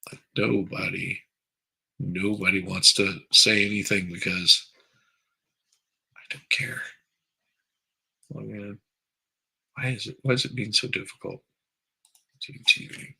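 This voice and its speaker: Gravelly, husky-voiced male streamer. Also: lowish voice, fairly even intonation, a little slow, long pauses, pushed and bright, low-quality recording. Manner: rambling, crude, reads chat aloud. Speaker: livestream host. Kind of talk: casual live-stream commentary.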